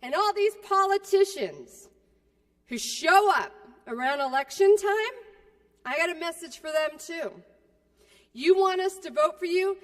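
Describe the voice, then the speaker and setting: A woman speaker with a high voice fires up a union crowd, blunt and profane. She drops into quiet asides, then builds to shouts. Her voice rings out with a long reverb in a large hall. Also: lively intonation, unhurried, pauses often. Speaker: keynote speaker. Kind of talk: fiery union rally speech.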